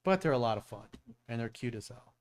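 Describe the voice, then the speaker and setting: A man's voice: medium pitch, lively intonation, a little fast. A middle-aged man from South Florida hosting a casual live-stream Q&A, answering questions bluntly with plenty of swearing and stories. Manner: blunt, profane, storytelling. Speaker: dating coach and show host.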